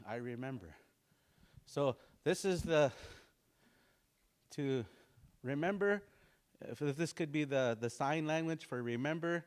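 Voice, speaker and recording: A man's voice: on the high side, slow pace, pauses often, smooth. A man teaching a language class, repeating words and explaining them with examples.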